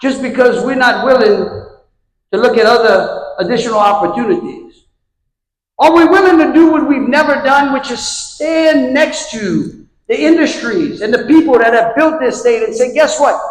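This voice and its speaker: A man with a Louisiana accent speaks to a luncheon crowd in a drawling, storytelling way, pitched quite high. He keeps asking the room rhetorical questions. His voice rings around a large hall with a long, echoing tail. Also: moderate pace. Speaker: governor giving a luncheon speech. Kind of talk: folksy public speech with anecdotes. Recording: echoey hall with long reverb.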